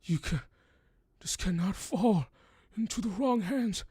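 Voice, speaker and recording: A man's voice: high voice, slow, dark tone, husky, no room sound, studio quality, voice pushed up, full character voice. A man voicing a wounded, dying old man who pleads for help in shaky, broken phrases. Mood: pleading.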